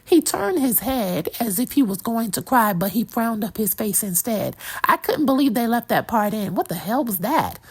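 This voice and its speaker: A woman's voice: a little high, big pitch swings, normal speed, few pauses, breathy edge. A woman giving an opinionated, sassy movie review in a casual chatty way, talking straight to her viewers. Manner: sassy, opinionated, talks to viewer as "girl" and "child".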